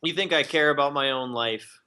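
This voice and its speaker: A man's voice: a little high, normal speed, bright, forceful tone, clean tone, pitched above the performer's own voice. A man voicing a bitter, defiant seventy-year-old male prisoner who speaks with scorn and swears freely. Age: 70s.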